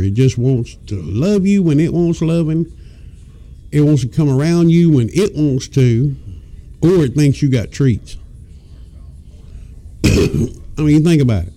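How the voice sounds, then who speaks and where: A man's voice: mid-range voice, warm tone. A man hosting a talk show, telling rambling, crude comic stories into a studio mic. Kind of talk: casual comic storytelling. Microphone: studio microphone.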